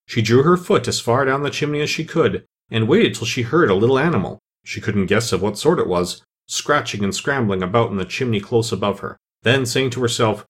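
Expressive male audiobook narrator, very lively pitch, slightly husky. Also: a little fast, few pauses. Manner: expressive storytelling.

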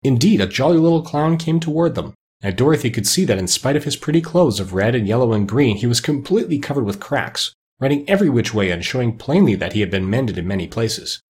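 Brief: husky male narrator for a classic storybook, melodic and expressive. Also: medium pitch, fast, few pauses. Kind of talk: storybook reading aloud.

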